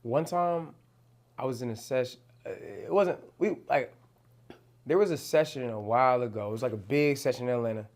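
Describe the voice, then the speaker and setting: A man's voice: medium pitch, normal speed, darkish tone. A young man from New Jersey, a rapper talking casually in an interview, loose and slangy with plenty of swearing. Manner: loose, slangy, swears, many "you know what I'm saying". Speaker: rapper guest.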